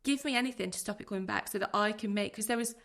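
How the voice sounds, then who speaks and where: Guest, woman, 30s, gravelly fry, earnest and heartfelt. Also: mid-range voice, a bit bright. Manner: earnest, heartfelt, speaks in rushes of feeling. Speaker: podcast guest. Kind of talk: emotional personal interview.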